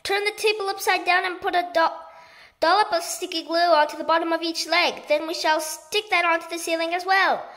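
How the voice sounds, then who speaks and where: A woman voicing an excited, bossy male monkey who shouts orders in a storybook reading. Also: extremely high pitch, brisk, voice pushed up. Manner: shouting orders, breathless and eager.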